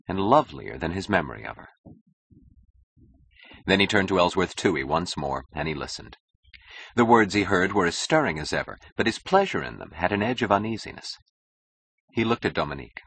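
A man narrating a novel in a measured, expressive reading. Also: sits low, husky, no room sound. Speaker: audiobook narrator.

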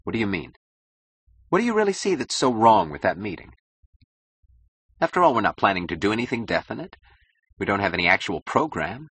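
A man's voice: on the low side, very animated, a little fast, pauses often, fairly bright tone, husky, dry recording, voice pushed up, heavily acted. A man voicing an anxious young architect who speaks sharply and defensively.

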